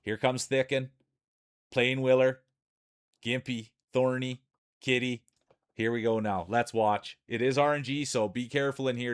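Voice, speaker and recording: A man's voice: medium pitch, fairly even intonation, normal speed, fairly bright tone, smooth. Chatty Canadian man calling races. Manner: chatty play-by-play with frequent laughs. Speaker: streamer. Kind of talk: casual live-stream commentary.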